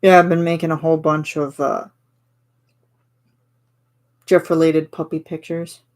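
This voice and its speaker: Canadian woman just chatting w her stream, giggly, kinda low voice. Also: little pitch movement, unhurried, a little mellow. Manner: chatty and giggly, reads chat replies aloud. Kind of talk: casual chat.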